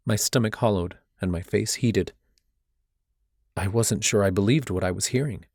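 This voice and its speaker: A young man reads a first-person novel with a brooding, intense edge. His voice sits low, and the recording is dry and close with no room sound. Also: moderate pace, a little mellow, dry recording. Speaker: audiobook narrator. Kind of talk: first-person audiobook narration.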